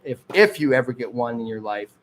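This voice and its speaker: A man's voice: medium pitch, lively intonation, brisk. A man from the Detroit area hosting his own homemade magazine show, rambling through tangents with frequent chuckles and restarts. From Detroit area, Michigan. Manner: digressive, chuckling often, trailing off and restarting. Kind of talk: rambling casual monologue.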